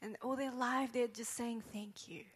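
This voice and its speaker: A woman interpreting a sermon into English line by line, halting, with many fillers and self-corrections. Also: on the high side, steady tone, breathy edge.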